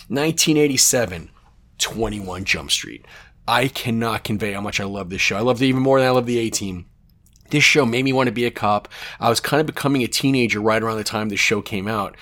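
A man in his forties hosts a podcast in a loose, rambling monologue. He tells stories with enthusiasm, drifts off topic and swears casually. His voice sits at an ordinary pitch for a man. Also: a bit bright. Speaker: podcast host.

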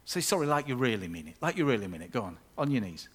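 A man's voice: mid-range voice, big pitch swings, rapid-fire, breathy edge, in a large hall. A man mocking an impatient, demanding God.

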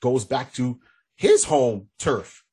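A man's voice: medium pitch, sing-song, slow pace, a little mellow, slightly rough. A man co-hosting a podcast, chatting casually in a rambling way with lots of restarts. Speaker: podcast co-host. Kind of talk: casual chat.

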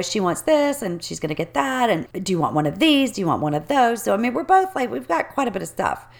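A woman co-hosting a casual chat, telling a long personal story in an animated way and acting out the people in it. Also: on the low side.

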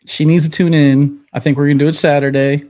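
A man co-hosts a casual podcast over a remote video call, chatting, hyping things up and laughing now and then. His voice is mellow and a little high, with a level tone and a quick pace.

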